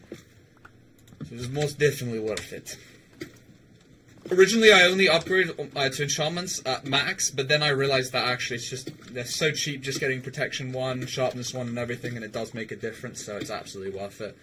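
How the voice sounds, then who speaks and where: A man's voice: medium pitch, a little fast, pushed and bright, slight background noise. A young man streaming a game, chatting casually with viewers and rambling, stammering and swearing. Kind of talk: casual livestream chat while gaming.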